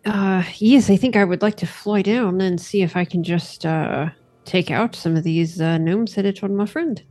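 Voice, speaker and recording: A woman playing a tabletop game, hesitant and quick to laugh. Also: medium pitch, a little mellow. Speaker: player.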